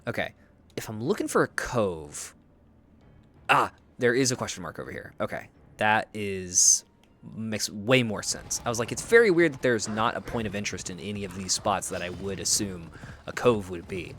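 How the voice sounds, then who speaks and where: A man's voice: on the low side, animated, normal speed, fairly bright tone. An American man streaming a video game, thinking aloud and chatting with viewers in a rambling, self-deprecating way with frequent restarts. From United States. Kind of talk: live gameplay commentary, chatting with viewers.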